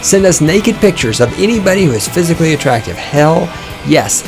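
A man hosting his own podcast, talking in a sarcastic, profane, ranting way, his voice starting to go hoarse. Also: fairly high pitch, big pitch swings, brisk, music in the background. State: voice going hoarse. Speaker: podcast host. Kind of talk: casual opinionated podcast monologue. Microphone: studio microphone.

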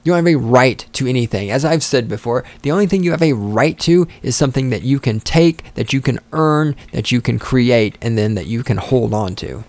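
Heated male commentator, sarcastic and profane, even mid pitch, dry close mic. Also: brisk, hardly any pauses, dry recording. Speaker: political commentator. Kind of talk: ranting commentary.

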